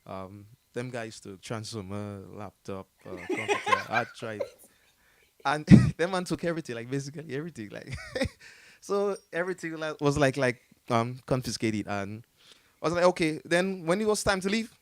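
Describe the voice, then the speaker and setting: A man's voice: mid-range voice, sing-song, normal speed, no room sound. A man with a Jamaican accent telling a story in a casual interview, rambling with many fillers and frequent laughter. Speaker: artist telling his story as a guest.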